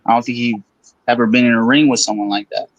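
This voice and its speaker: A man on a panel chat, halting, using casual slang. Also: medium pitch, fairly even intonation, no room sound, lo-fi sound.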